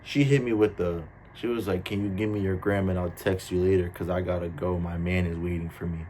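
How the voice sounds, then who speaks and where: A young man with a New Jersey accent tells a casual storytime, full of slang and quoted voices. His voice sits low in pitch. A faint hiss of ambient noise runs beneath him. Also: level tone, a little fast, warm tone.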